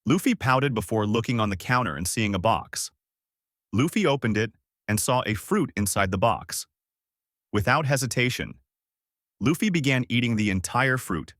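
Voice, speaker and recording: A man's voice: mid-range voice, moderate pace, no room sound, studio quality. A man reading a fan-made story aloud, then signing off casually to viewers. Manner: animated storytelling, casual sign-off. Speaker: channel host and narrator.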